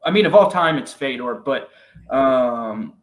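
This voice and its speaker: Measured man recalling fights. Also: mid-range voice, lively intonation. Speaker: podcast host, MMA reporter. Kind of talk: casual podcast chat.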